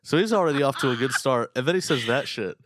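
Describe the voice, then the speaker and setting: A man's voice: medium pitch, animated, fast, a bit bright, slight background noise. A man co-hosting a podcast, rambling and joking crudely in casual comedic chat. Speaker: podcast co-host.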